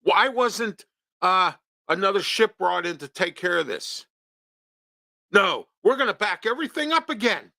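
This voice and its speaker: A man hosts his own opinion show, his voice bright and pitched a little high. He rants, asks rhetorical questions and repeats himself. The studio sound is close and dry. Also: lively intonation, measured pace, gravelly, dry recording. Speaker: talk show host.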